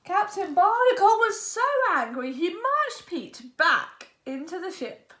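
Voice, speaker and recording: Storytime reader, high lively woman's voice, roomy echo. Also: unhurried. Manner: animated, expressive read-aloud. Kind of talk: reading a children's picture book aloud. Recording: echoey room.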